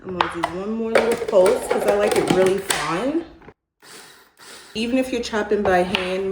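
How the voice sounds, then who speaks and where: A middle-aged woman chatting casually through a home cooking tutorial, homey and laughing easily, saying "y'all" and "child.". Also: fairly low pitch. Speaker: cooking vlogger. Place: home kitchen. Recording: roomy kitchen echo, clear background noise.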